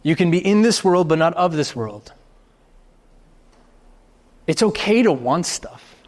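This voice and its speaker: A man giving a live motivational talk to an audience, animated and expressive, firing off rhetorical questions with the occasional swear word. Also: a little high, unhurried. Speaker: motivational speaker. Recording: reverberant hall.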